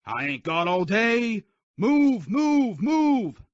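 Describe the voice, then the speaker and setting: A man's voice: a little high, very animated, moderate pace, fairly bright tone, breathy edge, no echo, voice pushed up, heavily acted. A man voicing a harsh army drill sergeant who barks profane insults and taunts. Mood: bellowing. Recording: dull dry lo-fi recording.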